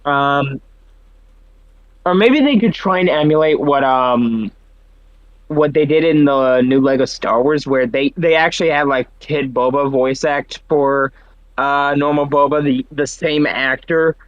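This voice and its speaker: A man's voice: on the high side, no echo. Swearing young guy, dull dry mic. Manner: swears a lot, quick reactions. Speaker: podcast host. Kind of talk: casual chat.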